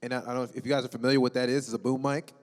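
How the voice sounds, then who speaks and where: A man's voice: medium pitch, flat delivery, very fast, darkish tone. A man speaking as a voice-acting panelist, enthusiastic and loose with slang, in casual convention talk. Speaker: panelist voice actor. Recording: echoey convention hall.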